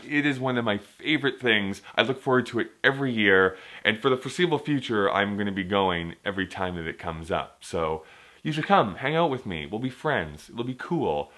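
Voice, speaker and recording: A man's voice: medium pitch, fairly bright tone. A young man talking casually to the camera in a home vlog, joking and poking fun at himself. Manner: jokey, self-mocking, playful asides. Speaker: vlogger. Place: indoors at home.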